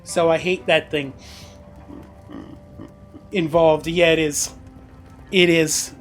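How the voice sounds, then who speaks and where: A man's voice: on the high side, flat delivery, takes it slowly, faint music behind. A man streaming a game, chatting casually, laughing often and swearing offhandedly. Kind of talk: casual chat while gaming.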